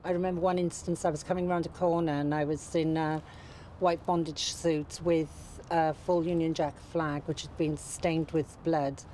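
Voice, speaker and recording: Woman telling stories from back in the day, deep mellow voice. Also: little pitch movement, moderate pace, a little hiss or hum, low-quality recording. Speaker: interviewee. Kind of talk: casual reminiscing.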